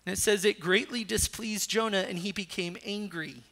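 High bright-voiced male preacher. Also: steady tone, moderate pace. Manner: rises sharply when voicing Jonah's anger; reads scripture aloud between teaching points. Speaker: pastor. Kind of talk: sermon.

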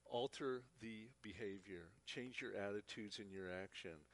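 Earnest guy teaching a bible class, kinda halting, keeps repeating words. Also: lowish voice, a bit bright. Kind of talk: church teaching talk.

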